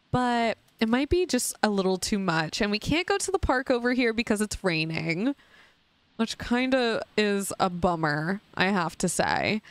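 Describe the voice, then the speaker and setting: Young female gaming YouTuber, chatty and playful; slightly high, unhurried delivery. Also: clear, resonant tone, dry recording. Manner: chatty, giggly, playful narrating of her game. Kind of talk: casual Let's Play commentary.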